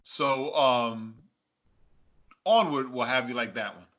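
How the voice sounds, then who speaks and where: A man co-hosting a podcast in casual chat, telling stories in an animated, exclaiming way and laughing often. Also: medium pitch, slow pace. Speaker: podcast co-host. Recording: dull, lo-fi podcast audio.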